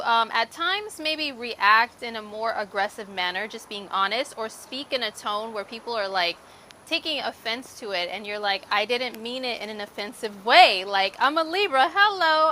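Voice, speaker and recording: A woman astrologer talks through a horoscope in a relaxed, chatty way, often filling gaps with "like" and "um". Her voice sits fairly high and sounds bright and forceful. A faint noise hums underneath. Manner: chatty and candid, lots of "like" and "um". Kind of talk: casual horoscope reading.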